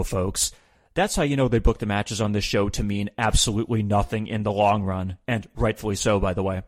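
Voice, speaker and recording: Sardonic low-voiced man, dry podcast recap. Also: steady tone, a little fast, no room sound. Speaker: podcast host recapping wrestling. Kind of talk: scripted recap with opinionated asides.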